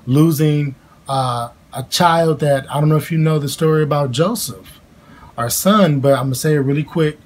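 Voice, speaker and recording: A man in his thirties sharing a family story in a casual, heartfelt chat at home, halting with many fillers and restarts. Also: on the high side, a little mellow.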